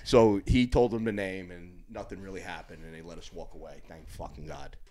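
A middle-aged man, a podcast guest, telling stories in a casual, animated way, with plenty of swearing and laughter. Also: low voice, a little fast. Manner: animated, profane, laughing storyteller. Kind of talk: casual storytelling.

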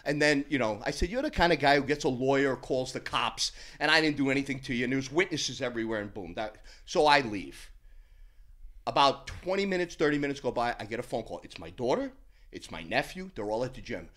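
A man's voice: medium pitch, a little fast. A brash middle-aged man telling a profane gym story in a casual podcast chat. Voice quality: brash, profane storyteller with a loud, animated delivery. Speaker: guest storyteller.

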